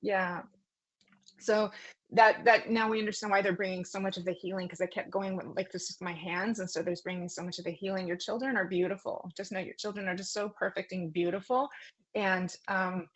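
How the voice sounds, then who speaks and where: A woman giving a psychic reading, talking in a gentle, consoling way, rambling and apologising with many fillers and restarts. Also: medium pitch, fairly even intonation, fairly quick. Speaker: psychic medium. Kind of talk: live online psychic reading.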